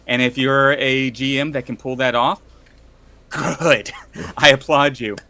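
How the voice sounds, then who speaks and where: A man's voice: mid-range voice, steady tone, a little slow, bright, forceful tone. A man co-hosting a casual tabletop gaming podcast, speaking as a game master in an enthusiastic, rambling way.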